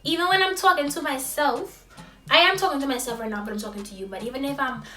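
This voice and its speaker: A woman from Trinidad talking straight to camera in a casual vlog, very expressive and sometimes dropping to a soft near-whisper. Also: high-pitched, fast, echoey room, far from the mic, soft background music. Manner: expressive, softens into near-whisper when vulnerable. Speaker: vlogger. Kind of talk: casual direct-to-camera monologue.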